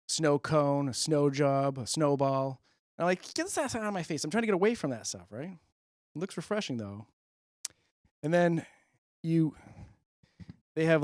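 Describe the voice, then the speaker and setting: A man's voice: a little high, a little mellow, no room sound, clean studio sound. A man doing a rambling, self-amused stand-up monologue into a handheld mic on a public-access show. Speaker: comedian host.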